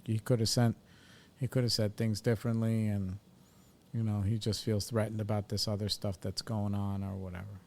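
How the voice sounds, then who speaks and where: A man in his forties talking candidly on a podcast, reflective and blunt, swearing freely as he works through his thoughts. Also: on the low side. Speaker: podcast host in recovery. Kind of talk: candid casual talk.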